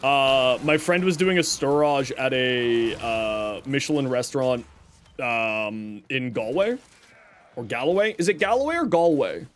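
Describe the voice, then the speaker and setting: A man's voice: mid-range voice, expressive, measured pace. A Canadian man streaming and reading chat, talking casually and rambling through stories and corrections. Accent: Canadian English. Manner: rambling, chatty, self-correcting storyteller.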